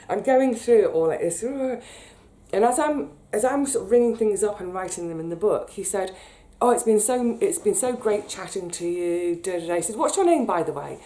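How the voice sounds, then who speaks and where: Chatty British woman, warm low voice. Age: 30s. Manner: chatty, animated, emotional when retelling. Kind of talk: casual storytelling monologue.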